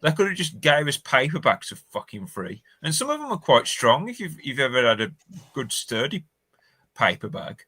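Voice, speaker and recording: A man's voice: mid-range voice, very animated, moderate pace, pushed and bright, slightly rough. A man chatting casually on a podcast, giving his opinions loosely and swearing. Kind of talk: casual chat.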